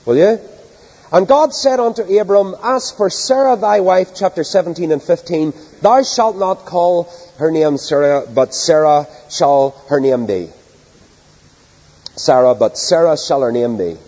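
A man preaching an evening sermon with a high, husky voice. He swings widely in pitch as he reads scripture with emphatic, dramatic delivery. His voice carries a long reverb, as in a large church hall. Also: animated, a little slow, warm tone.

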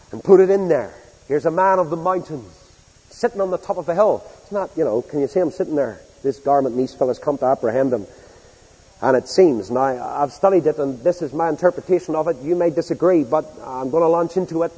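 Husky preacher man in a reverberant hall. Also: on the high side. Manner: folksy storytelling, acting out sarcastic soldiers, big swings in loudness. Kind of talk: sermon.

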